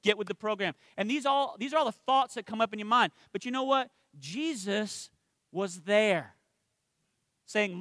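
A man preaching with a high, bright voice in a dry, close sound. He keeps it conversational and asks his listeners for an "amen" now and then. He slows right down and goes quiet when he lands a spiritual point. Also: no room sound. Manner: conversational, asks the congregation for responses. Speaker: minister. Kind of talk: sermon with personal stories.

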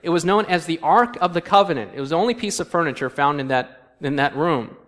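A man preaching a sermon in a church. He reads scripture aloud and quizzes the congregation, moving between quiet asides and emphatic lines. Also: on the high side, expressive, fairly quick. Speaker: pastor. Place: church sanctuary.

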